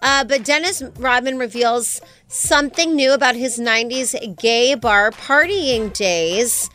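A woman co-hosting a casual chat show, expressive with quick reactions. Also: on the high side, faint music behind. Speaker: co-host.

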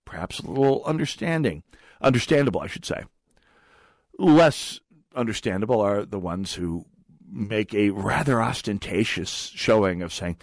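A man's voice: fairly low pitch, expressive, moderate pace, no room sound. A man hosting a talk radio show, delivering a sardonic, digressive monologue with wry asides into a studio microphone.

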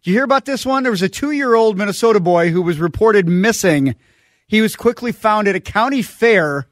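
A man's voice: high-pitched, expressive, fairly quick, no room sound, studio quality. A man co-hosting a talk radio show, joking loosely and reading news headlines. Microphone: studio microphone.

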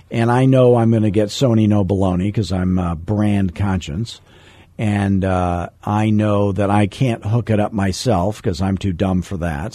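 A middle-aged man coaching real estate agents, telling a story in an animated, self-deprecating way and adding sound effects. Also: fairly low pitch, no room sound. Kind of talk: storytelling teaching talk.

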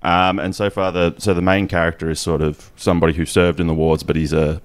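Low-voiced man chatting loosely. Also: little pitch movement, a little fast, smooth, dry recording. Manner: rambling, hesitant, full of fillers. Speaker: podcast co-host. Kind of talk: casual chat.

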